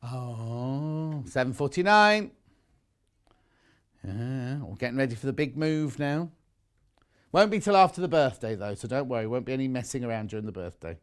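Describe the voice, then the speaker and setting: A man's voice: medium pitch, expressive, moderate pace, pauses often, clear, resonant tone. A man presenting live shopping television, chatting and bantering with his co-workers. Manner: chatty, bantering, chuckling asides.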